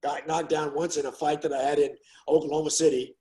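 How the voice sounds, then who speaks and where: Poor audio captures an older man, a former fighter, speaking briskly with a fairly high pitch. He tells stories animatedly in a relaxed interview, loudly voicing what others said.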